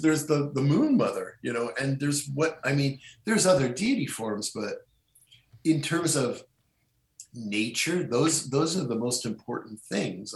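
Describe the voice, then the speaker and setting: A middle-aged man talking casually as a podcast guest, rambling with many restarts and fillers. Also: mid-range voice. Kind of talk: casual conversation. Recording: echoey room.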